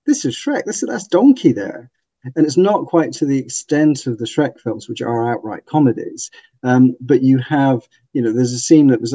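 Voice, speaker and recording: A man's voice: mid-range voice, mellow, no room sound. A man hosting a casual book discussion, speaking enthusiastically and laughing often. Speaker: podcast host and book reviewer.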